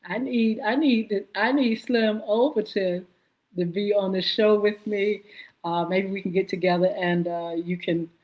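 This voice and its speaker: A woman hosting a live-stream podcast, greeting chat viewers by name and pausing often on filler sounds. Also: mid-range voice, steady tone, highs cut off. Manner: halting, many filler "uh"s. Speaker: podcast host.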